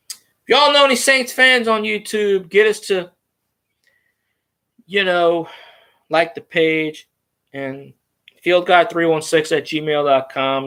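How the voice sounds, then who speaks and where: A man's voice: fairly high pitch, bright, forceful tone. A man, rambling casually and crudely on his fan vlog. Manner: loose, rambling and crude, with fillers. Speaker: fan vlogger.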